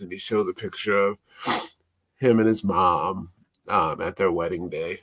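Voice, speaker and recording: A man casually recapping an old movie, animated and laughing as he acts out the characters' lines. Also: on the low side, moderate pace, creaky, dry recording. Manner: animated, laughing, acting out quotes in voices. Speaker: podcast host.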